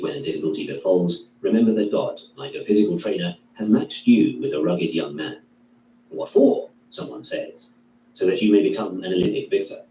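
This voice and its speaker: A man reading a classical philosophy text aloud in a measured, declaiming way. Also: fairly low pitch, warm tone. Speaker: reader. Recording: echoey room, distant mic, faint hum.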